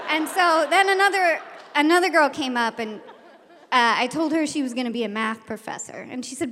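A woman, a teacher, telling a personal story to an audience, acting out voices and shouting the quoted lines. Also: sits high, brisk, in a large hall, a little hiss or hum.

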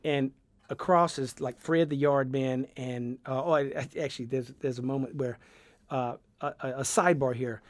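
Southern man from Georgia, radio guest, talks in looping animated stories with lots of restarts; close, dry studio sound. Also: mid-range voice, moderate pace, no room sound. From Georgia, USA. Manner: rambling, animated storyteller with many restarts. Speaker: guest, sound effects artist. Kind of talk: radio interview conversation.

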